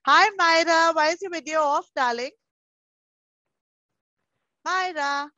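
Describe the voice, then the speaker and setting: An extremely high, bright and forceful voice speaks slowly with no room sound. It belongs to a woman with an Indian English accent running an online class for pre-schoolers over muffled video call audio, affectionately coaxing them and addressing them as darling.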